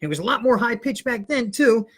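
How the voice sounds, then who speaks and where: Husky-voiced man telling a comic story. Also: very high-pitched, fairly quick. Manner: animated, rambling storyteller who acts out voices. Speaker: podcast guest.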